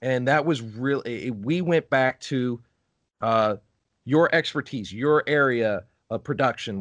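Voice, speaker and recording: A man's voice: lowish voice, no echo. A man co-hosting a podcast in casual chat, rambling, laughing often and wandering off on tangents. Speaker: podcast co-host.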